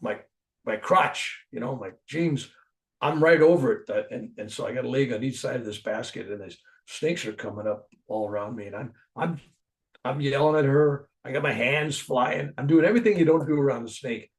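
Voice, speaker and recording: An older man, interviewed as a guest, tells a personal story with animation, getting loud for emphasis and going soft when he turns reflective. His voice is mid-range and his pace moderate, picked up by a distant mic.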